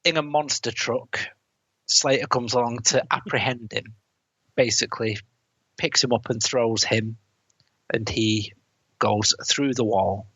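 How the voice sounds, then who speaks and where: A man's voice: medium pitch, fairly even intonation, a little slow, pauses often, sharp tone, husky, no echo. A man co-hosting a podcast who retells a film's plot in casual chat, laughing and quoting lines as he goes. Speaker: podcast co-host. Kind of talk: casual film review chat. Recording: dry, dull lo-fi podcast mic.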